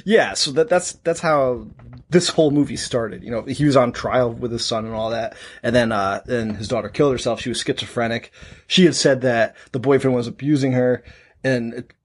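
Мужчина с хрипловатым голосом, непринуждённая болтовня. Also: male voice, medium pitch, normal speed. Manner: rambling storyteller, laughs often. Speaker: podcast co-host. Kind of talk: casual chat.

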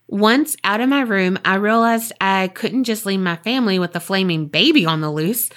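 A woman co-hosting a podcast, reading a listener's ghost story aloud and then chatting in a lively, swearing, laughing way. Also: medium pitch. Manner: animated, swears freely, laughs often. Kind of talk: casual chat and reading aloud.

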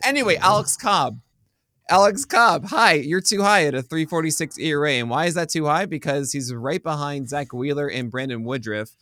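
A man's voice: fairly high pitch, normal speed, bright, forceful tone, no room sound, clean studio sound. A man co-hosting a casual sports podcast, telling stories with a joking, teasing manner. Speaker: podcast co-host.

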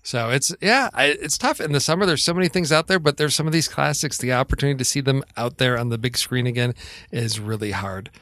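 A man's voice: medium pitch, brisk, sharp tone, no echo. A man co-hosting a film podcast, chatting casually and laughing easily. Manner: laughs easily, upbeat sign-off. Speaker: podcast co-host. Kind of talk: casual chat about films.

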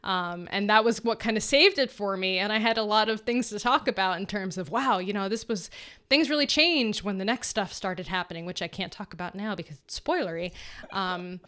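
Brief: chatty female podcast co-host, bright and forceful tone, teasing, talking books over a video call. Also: mid-range voice, moderate pace. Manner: chatty, teasing, laughs easily. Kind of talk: casual book discussion.

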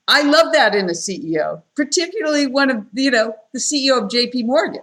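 A woman talking as a guest on a podcast, candid and animated, telling stories with enthusiasm. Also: fairly high pitch, a little fast. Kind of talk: casual podcast conversation.

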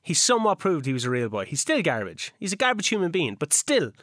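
A man co-hosting a casual podcast, recapping a game season with jokes and lively storytelling. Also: a little high, fast, dry recording, studio quality. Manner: jokey, animated recapping of game moments. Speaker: podcast co-host. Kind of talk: casual chat.

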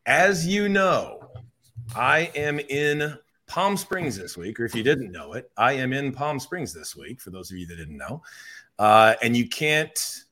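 A man's voice: medium pitch, a bit bright. A young man hosting a comedic sports podcast over a remote call, teasing his guests. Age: young adult. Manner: joking, teasing. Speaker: podcast host.

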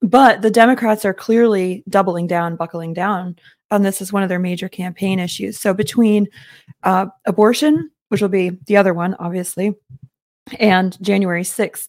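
A woman's voice: fairly low pitch, darkish tone. Conversational woman co-host. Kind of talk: political talk show discussion.

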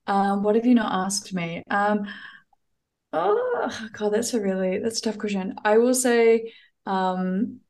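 A woman's voice: mid-range voice, lively intonation, slow pace, a little mellow. A woman guest on a podcast, telling stories casually, enthusiastic and chatty with lots of ums and restarts. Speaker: podcast guest, thru-hiker. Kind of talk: casual conversational storytelling.

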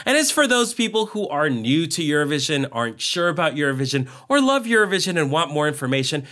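A man's voice: on the high side, quick pace. A man co-hosting a podcast in casual, playful chat, promoting a show and laughing often. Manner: animated, playful, laughs a lot. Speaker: podcast co-host.

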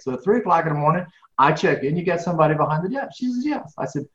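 Telling stories as a guest in an interview, a professional speaker acts out dialogue with plenty of repeated words. He speaks quickly in a slightly high voice, captured in echoey, dull lo-fi audio.

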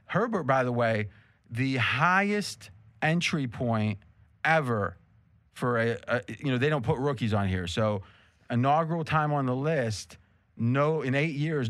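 A man hosting a sports betting show, ribbing his co-host in quick, jokey studio banter. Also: medium pitch, fairly bright tone, no room sound.

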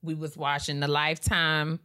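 A woman with a fairly low voice co-hosts a casual podcast. She talks in an animated, emphatic way and repeats her points for effect. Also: normal speed, clean tone. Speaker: podcast co-host. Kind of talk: casual chat.

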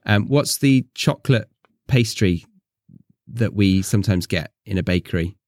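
A man's voice: lowish voice, a little slow, a little mellow, no room sound, clean studio sound. An English man hosting a podcast, casually asking his guest curious, probing questions. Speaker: podcast host. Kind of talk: casual interview chat.

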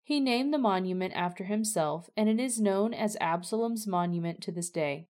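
Woman reading scripture, steady and clear. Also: mid-range voice, normal speed. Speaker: scripture reader.

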